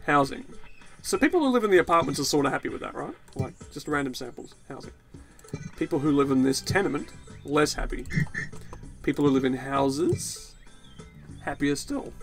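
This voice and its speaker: A man talks through his game in a loose, rambling stream of commentary, cursing and joking as he goes. His voice sits somewhat high and swings widely up and down. Faint game music plays underneath. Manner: rambling, swearing, jokey. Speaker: gaming video host. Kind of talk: let's play commentary.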